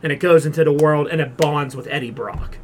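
A man co-hosting a casual pop culture podcast, his voice sitting a little above the usual male range. He retells stories in an animated way, dropping in quick quoted voices and filling his sentences with "like". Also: a little high. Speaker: podcast co-host. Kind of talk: casual chat.

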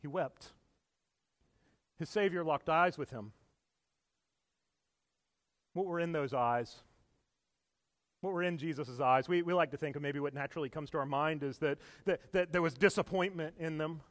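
This pastor preaches at a normal pace but pauses frequently, his high voice earnest and emphatic as it falls quiet and then rises loud again. Small laughs, occasional stumbles, and repeated words mark the sermon, recorded with long reverb in a large, echoing hall.

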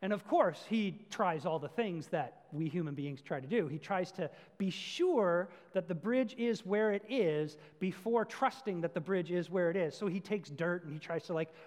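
A man's voice: sits high, animated, moderate pace, hardly any pauses, a little mellow, in a large hall. A man preaching a sermon as pastor, telling stories earnestly with self-deprecating asides.

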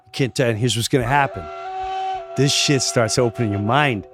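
A middle-aged man, a podcast guest, telling animated stories with lots of swearing and acted-out voices. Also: mid-range voice, fairly quick. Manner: acts out quoted voices, swearing, laughing. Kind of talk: animated storytelling.

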